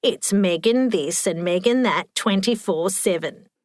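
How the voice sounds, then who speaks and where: A woman voicing a large, loud, bossy elderly lady who talks in a fussy, correcting way. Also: mid-range voice, unhurried, dry recording, clean studio sound, close to an everyday voice.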